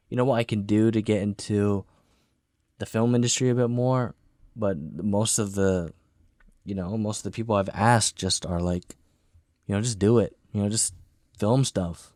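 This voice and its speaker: A man's voice: lowish voice, flat delivery, normal speed, darkish tone, dry recording, studio quality. A man chatting as a podcast guest, laid-back and full of "you know" fillers. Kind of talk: casual podcast chat.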